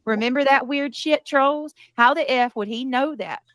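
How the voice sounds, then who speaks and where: A woman's voice: sits high, moderate pace, fairly bright tone, no room sound, clean studio sound. A woman hosting a casual panel livestream, laughing often as she reads viewer comments aloud. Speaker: livestream host.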